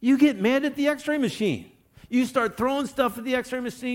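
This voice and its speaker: A male pastor giving a conversational sermon, full of folksy everyday illustrations and joking asides, sometimes getting loud as he acts out scenes. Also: very high-pitched, a little fast. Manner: loud bursts when acting out scenes.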